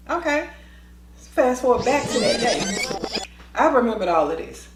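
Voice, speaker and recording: Woman, storytime vlogger, swooping lively delivery, roomy echo. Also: sits high. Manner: lively, acts out voices, quick asides. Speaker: teacher telling a story. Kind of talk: storytime vlog, animated retelling.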